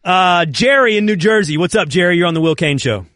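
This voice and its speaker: A man hosting a sports talk radio show, arguing in an animated, sarcastic and combative way. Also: high voice, fairly quick, no echo, clean studio sound.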